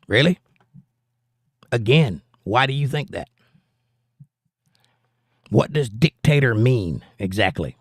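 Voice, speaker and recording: A man's voice: mid-range voice, lively intonation, a little slow, pauses often, no room sound, studio quality. A man hosting a casual livestream, reading viewers' chat comments aloud and arguing back at them.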